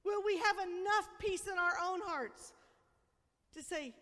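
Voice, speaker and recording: A woman minister with a high voice preaches in a church sanctuary. Her delivery moves between emphatic, rising appeals and soft, close asides. A long reverb from the large room trails after each phrase. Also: measured pace. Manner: emphatic, conversational preaching with quiet, intimate drops. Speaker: senior minister. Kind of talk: sermon.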